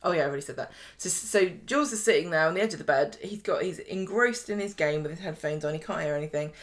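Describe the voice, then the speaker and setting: Woman, podcast co-host, casual recap, slightly low voice, chatty. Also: quick pace. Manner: chatty, recounts scenes with quoted voices. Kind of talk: casual chat recapping a soap.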